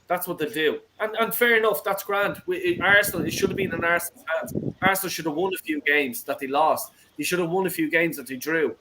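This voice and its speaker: A man's voice: high-pitched, a little fast, pushed and bright, a little hiss or hum, rough recording. A man hosting a football fan call-in show, ranting heatedly with constant swearing.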